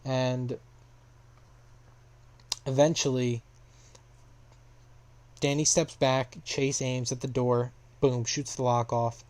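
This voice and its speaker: A man's voice: medium pitch, little pitch movement, takes it slowly, long pauses, a little mellow. A young man casually recapping a story plot, rambling with lots of fillers.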